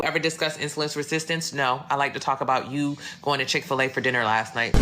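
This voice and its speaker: A man's voice: medium pitch, steady tone, fast talker, few pauses. Brash man roasting viewers, music behind. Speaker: fitness coach answering live comments. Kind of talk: blunt livestream Q&A. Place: indoors at home, streaming live. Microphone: phone mic.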